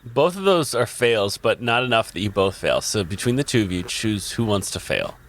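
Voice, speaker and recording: A man running a tabletop game as dungeon master, narrating in a halting way with many pauses. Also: on the low side, lively intonation. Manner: halting, full of ums and restarts.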